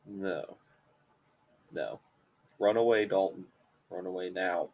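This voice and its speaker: A man's voice: low voice, takes it slowly, vocal fry, a little mellow, muffled recording. A man hosting a car channel's live stream, chatting casually in a rambling, hesitant, self-deprecating way.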